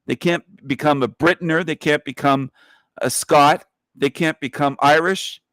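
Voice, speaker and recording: A man's voice: on the high side, fairly even intonation, normal speed, a bit bright, no room sound, clean studio sound. A man hosting a livestream who speaks in an emphatic, profane, repetitive rant. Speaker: livestream host.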